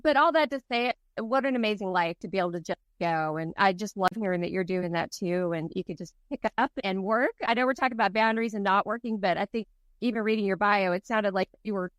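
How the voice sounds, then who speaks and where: A woman hosting a podcast in casual chat, excitable and talkative, laughing often. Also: mid-range voice, fast talker, clear, resonant tone, no room sound. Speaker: podcast host.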